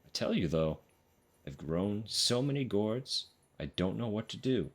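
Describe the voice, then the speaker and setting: A rambling, folksy gourd grower tells an old flood story with homely pride, as a man reads his message aloud. The voice sits very deep and low. He strolls through the tale like a neighbour chatting across a fence, in a game letter. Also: big pitch swings, a little slow, heavily acted.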